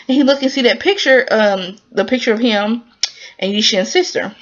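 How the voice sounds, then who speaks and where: A fairly high-voiced woman recapping a drama episode with chatty, emotional energy. She talks informally and loosely, full of fillers. The recording sounds muffled and lo-fi. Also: normal speed. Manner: animated, emotional storytelling.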